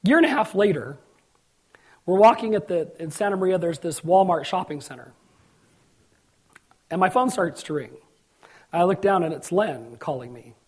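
A middle-aged man delivers a sermon, weaving personal stories and acting out quotes before driving his points home with emphasis. His voice sits high for a man and has a husky edge. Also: expressive, moderate pace, long pauses, a little mellow. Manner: storytelling preacher, acts out quotes, rises to emphatic peaks. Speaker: pastor.

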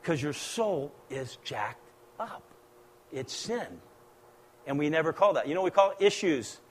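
A middle-aged man from the United States preaching a sermon, swinging between loud exhortation and hushed, quiet passages. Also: on the high side, big pitch swings, unhurried. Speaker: pastor.

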